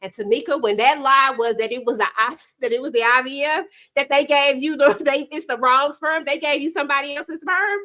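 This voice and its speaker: A woman hosting a casual live panel, playful and emphatic as she steers the talk. Her voice sits high with a bright, forward tone. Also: brisk. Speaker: host. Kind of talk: casual chat.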